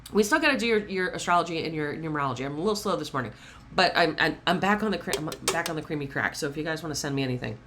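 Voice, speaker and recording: A middle-aged woman giving a casual, chatty tarot reading straight to her audience, animated and blunt, with the odd swear word. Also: low voice, very fast, noisy background. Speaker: tarot reader.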